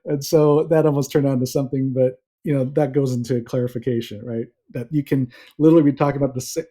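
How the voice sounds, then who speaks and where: A man telling a funny story about his marriage as a podcast guest, animated and laughing often. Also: mid-range voice, fast talker. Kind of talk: casual storytelling.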